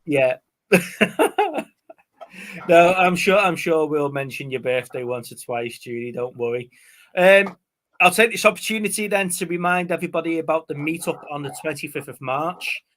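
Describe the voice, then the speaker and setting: A man's voice: on the high side, lively intonation, moderate pace, fairly bright tone. Chatty man, rambling. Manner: chatty, rambling storyteller with frequent fillers. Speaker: co-host of a movie live stream. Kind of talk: casual chat.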